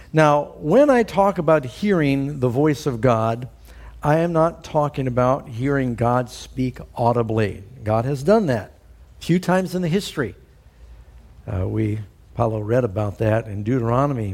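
A middle-aged man preaching a sermon at an ordinary, middle pitch. He tells stories in a loose, chatty way, pausing on "uh" and "you know" as he goes. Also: darkish tone. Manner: conversational storytelling with fillers.

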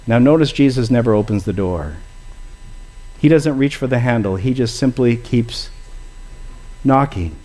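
A man's voice: medium pitch, expressive, unhurried, long pauses, mellow. A man preaching a sermon and leading a closing prayer, earnest and pleading, often calling his listeners friends.

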